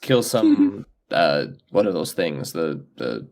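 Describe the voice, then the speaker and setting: A man's voice: sits low, lively intonation, slow pace, a little mellow. A man co-hosting a casual gaming podcast, recapping in an easygoing way. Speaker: podcast co-host.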